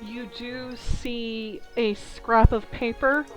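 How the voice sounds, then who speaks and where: A woman narrates a tabletop game as dungeon master, taking her time with each scene. Her delivery is slow and descriptive, broken by small hesitations, over faint music. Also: on the high side, steady tone, low-quality recording.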